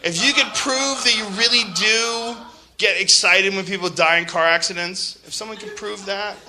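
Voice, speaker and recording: A man with a high, piercingly bright voice runs a casual podcast rant. He swears freely, laughs through his stories and puts on mocking voices for other people. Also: normal speed. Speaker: podcast host.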